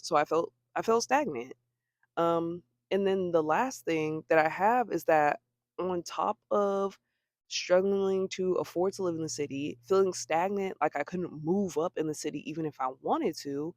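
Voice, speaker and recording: A woman's voice: fairly low pitch, a little slow, no echo, clean studio sound. Chatty young American woman vlogging. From United States. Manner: chatty, laughing asides, animated quoting of herself. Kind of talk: casual talk to camera. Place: home abroad.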